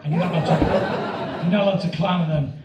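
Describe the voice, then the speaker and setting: A man in his fifties doing a stand-up comedy set, telling a story with animated delivery and loud shouting bursts. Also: a little high, quick pace, heavy background noise. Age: 50s. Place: comedy venue with live audience. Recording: roomy live-venue sound from a distance with crowd. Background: audience laughter.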